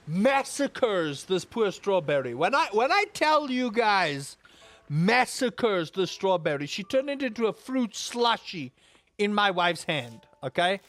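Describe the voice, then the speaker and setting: High-voiced man chatting. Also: no room sound. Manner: rambling, animated storytelling with sudden loud outbursts. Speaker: gaming streamer. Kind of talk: casual stream chat while playing.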